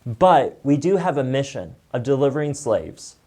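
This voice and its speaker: A man's voice: medium pitch, very animated, moderate pace, dark tone. A man teaching an online Bible lesson review in a conversational way, with frequent fillers. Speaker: church teacher.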